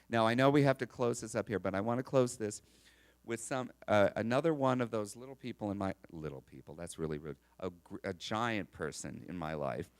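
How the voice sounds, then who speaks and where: A man giving a chatty, animated storytelling talk to a live audience at an expo. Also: lowish voice, clean tone. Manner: chatty, animated, restarts and laughs. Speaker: speaker telling stories at an expo.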